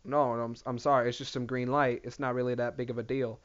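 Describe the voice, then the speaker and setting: A man's voice: medium pitch, fast. A man hosting a solo comedy podcast, rambling and swearing freely. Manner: profane, rambling, animated. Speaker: podcast host. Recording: dull lo-fi audio.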